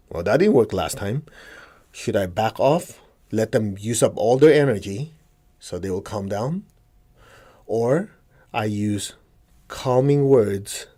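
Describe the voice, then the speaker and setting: This man teaching a meditation group has a fairly low, dark-toned voice. He walks through concepts step by step, puts questions to the group and answers them, and acts out inner monologue as quoted speech.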